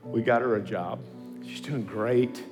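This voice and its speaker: A man preaching a sermon and telling stories, acting out the people he quotes with sudden high-pitched voices. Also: a little slow, big-room sound, soft background music. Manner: animated storyteller, acting out quotes in pitch leaps. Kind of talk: sermon with storytelling.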